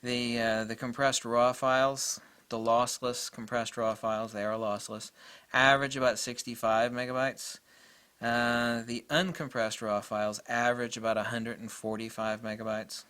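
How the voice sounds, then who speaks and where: A man's voice: mid-range voice, little pitch movement, normal speed, pushed and bright, smooth. A man giving a rambling, enthusiastic camera review in a casual way, full of fillers and restarts.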